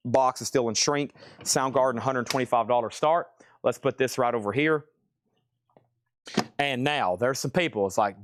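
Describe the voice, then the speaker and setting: Chatty man running a live record auction. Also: mid-range voice. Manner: quick, chatty listing of titles and prices.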